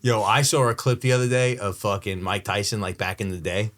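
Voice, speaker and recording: A man's voice: fairly low pitch, steady tone, fairly quick, a bit bright. A man co-hosting a podcast in casual chat, telling rambling, profane stories. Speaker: podcast co-host.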